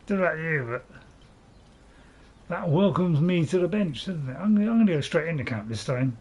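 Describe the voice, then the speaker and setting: A man's voice: a little high, lively intonation, normal speed, a little mellow, husky. A man giving casual, rambling commentary while playing a game, chuckling to himself now and then. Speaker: gaming video host.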